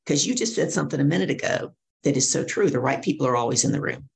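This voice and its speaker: A middle-aged woman, a guest speaker and coach, telling stories lively and acting out the voices of people she quotes. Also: extremely low pitch, quick pace, vocal fry. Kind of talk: storytelling interview.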